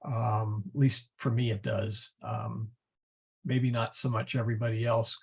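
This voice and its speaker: A man teaching a class, explaining step by step in a patient, methodical way with frequent pauses and fillers. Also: lowish voice, flat delivery, vocal fry, breathy edge. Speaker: Latin teacher.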